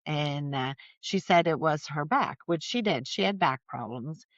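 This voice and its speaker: A middle-aged woman with a lowish voice tells family stories as a podcast guest. She recounts events in a chatty, animated way, full of fillers. The sound is dull and lo-fi, with a dry, close feel. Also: measured pace, dry recording. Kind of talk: casual storytelling conversation.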